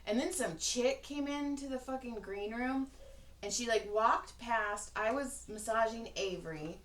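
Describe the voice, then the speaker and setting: A woman's voice: on the high side, measured pace, fairly bright tone. A woman podcast host telling a rambling, profane story in casual chat. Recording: roomy, distant mic, faint hiss.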